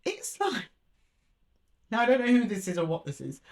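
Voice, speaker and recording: A woman's voice: a little high, wildly swooping pitch, moderate pace, pauses often. A woman giving an intuitive tarot reading, chatty and musing aloud as she speaks fondly to her listeners. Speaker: tarot reader.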